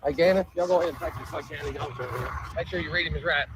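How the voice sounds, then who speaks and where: A man working as a police officer, giving curt, flat orders. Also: fairly high pitch, rapid-fire, background noise. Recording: distant street recording.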